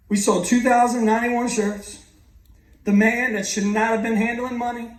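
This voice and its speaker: A man in his thirties giving an earnest motivational speech to a graduating class, telling his own story with frequent restarts. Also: extremely high pitch. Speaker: guest speaker. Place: large school hall. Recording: echoey hall from far off.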